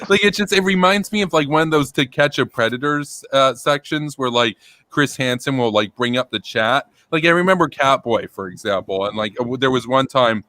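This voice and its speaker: A man's voice: mid-range voice, pushed and bright, no room sound. A man hosting a casual stream, retelling a story in a rambling way and laughing often. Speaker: political commentary streamer.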